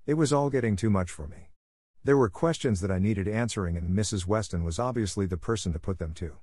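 A man narrating a ghost story in the first person, with a calm, measured storytelling manner. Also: on the low side, no room sound, clean studio sound.

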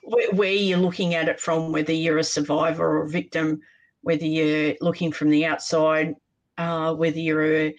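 An interview host talks in an even, flat tone at a middling pitch. The delivery is conversational and relaxed, with no strong rise or fall. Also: normal speed, dull audio.

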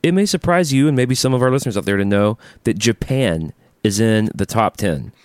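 A man co-hosts a podcast with an animated, swinging delivery. He is enthusiastic and jokes often. The sound is close and dry. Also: fairly low pitch, brisk, no room sound. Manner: lively, enthusiastic, jokey. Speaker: podcast co-host. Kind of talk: casual podcast chat.

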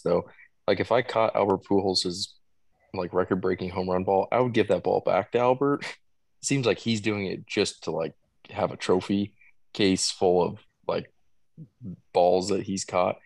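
A man with a low, gravelly voice co-hosting a sports podcast, telling a story at a relaxed pace. He fills his pauses with ums and likes. The sound is close and dry. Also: dry recording. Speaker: podcast co-host. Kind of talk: casual chat.

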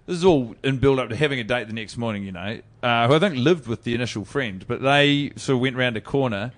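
Man, New Zealand accent, young adult, rambling self-deprecating storytelling, mid pitch. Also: fast talker. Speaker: podcast guest. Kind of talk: casual storytelling chat.

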